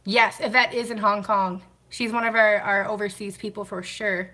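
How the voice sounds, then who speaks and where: A woman chats casually on a live stream from home, greeting viewers by name and answering their comments. Her voice is bright and a little sharp. She keeps talking as she washes glasses by hand. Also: medium pitch, steady tone, moderate pace. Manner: talks while washing glasses by hand. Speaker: vlogger hosting a live stream.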